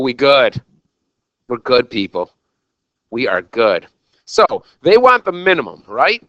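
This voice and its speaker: A man's voice: mid-range voice, bright, forceful tone, no echo, highs cut off. A man teaching a recorded algebra lesson, talking straight to his students in an exuberant, jokey, self-mocking way. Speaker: math teacher.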